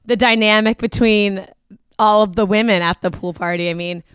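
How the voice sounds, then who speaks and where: A woman's voice: medium pitch, steady tone, normal speed, fairly bright tone, clean tone, no echo, clean studio sound. A woman co-hosting a podcast in casual chat, who laughs often and trails off mid-sentence. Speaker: podcast co-host. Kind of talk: casual chat recapping a reality show.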